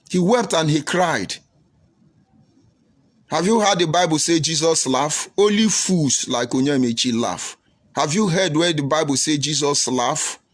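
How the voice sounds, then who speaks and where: Combative Nigerian preacher man. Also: on the high side. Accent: Nigerian English. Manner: combative, preachy, rhetorical questions. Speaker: preacher and livestream host. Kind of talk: livestream commentary reading viewer comments.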